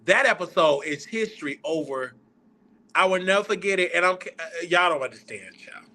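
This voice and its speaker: A man with a high, forceful voice hosts his own live question-and-answer stream. He talks in a loose, casual way and gets excitable as he looks back on old moments. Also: normal speed. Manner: excitable, reminiscing out loud. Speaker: show host. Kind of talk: casual livestream chat.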